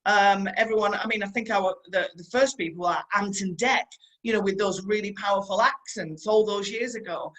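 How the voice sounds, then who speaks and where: A middle-aged woman with a broad Yorkshire accent tells stories from her working life in a motivational talk. She sounds chatty and earnest. She repeats her key advice and turns to her listeners to address them directly. Her voice sits at an ordinary middle pitch. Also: moderate pace, fairly bright tone, poor audio. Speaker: stunt performer and guest speaker.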